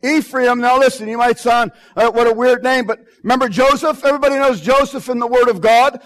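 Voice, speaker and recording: A man preaching a sermon in a church, emphatic, repeating phrases and swinging from loud to quiet. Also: extremely high pitch, fairly even intonation, brisk. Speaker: pastor.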